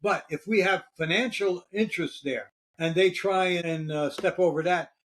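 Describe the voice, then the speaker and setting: A man co-hosting a casual political chat, assertive and quick to correct. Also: high voice, fairly bright tone.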